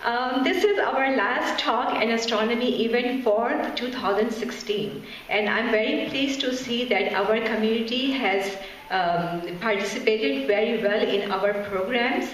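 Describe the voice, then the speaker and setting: A woman host politely introducing a guest speaker at a public talk, pausing often with fillers. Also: on the high side, fairly bright tone, a little hiss or hum. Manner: polite, hesitant with many fillers. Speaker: event host. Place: lecture hall. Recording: echoey hall from far off.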